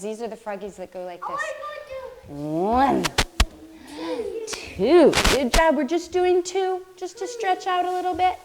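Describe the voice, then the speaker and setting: Upbeat, slow-talking woman yoga teacher. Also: sits high, background noise. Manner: gentle, encouraging, playful with animal sounds. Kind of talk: leading a kids' yoga class. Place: yoga studio with a mirror.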